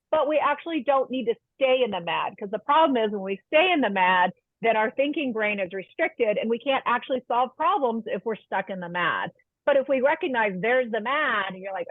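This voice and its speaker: A woman giving a webinar talk on parenting calm, explaining steps and asking her listeners questions. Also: fairly high pitch, normal speed, dry recording. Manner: warm explanatory, asks the audience questions. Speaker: webinar presenter. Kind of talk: webinar lecture. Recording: tinny phone-like line, dry.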